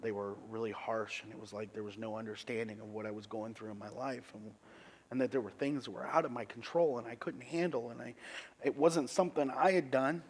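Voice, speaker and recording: A middle-aged man, a pastor, giving a sermon testimony in an earnest, halting way with many restarts. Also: medium pitch, fairly even intonation, slight background noise.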